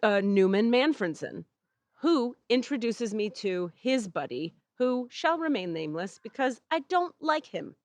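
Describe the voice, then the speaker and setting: A woman's voice: fairly high pitch, sing-song, measured pace, no room sound. A woman hosting a podcast, telling a story in casual chat, acting out the people she quotes and swearing freely, recorded outdoors in a back yard. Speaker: podcast host.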